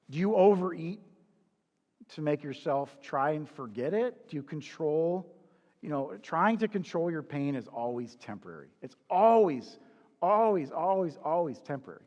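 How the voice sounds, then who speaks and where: A man's voice: on the high side, a little mellow, long reverb tail, dull audio. A man preaching in a conversational, confessional way, asking the listener rhetorical questions. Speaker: pastor. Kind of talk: sermon.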